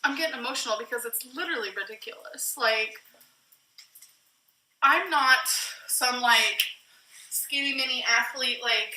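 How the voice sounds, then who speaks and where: A woman's voice: a little high, normal speed, sharp tone, reverberant, low-quality recording. A woman talking candidly while cooking in a vlog, out of breath and self-mocking. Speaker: vlogger in a played clip.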